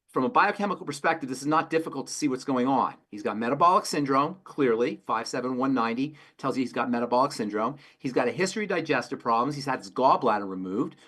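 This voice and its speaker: A pharmacist fields call-in health questions emphatically, repeating phrases for stress and slipping in folksy stories. His mid-range voice sounds pushed and bright.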